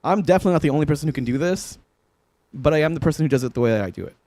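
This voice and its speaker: A young guitarist livestreams from a room at home, chatting loosely with viewers in a mellow, rather high, expressive voice. He talks very fast, laughs a lot and swears casually, and the sound is dry with no room echo.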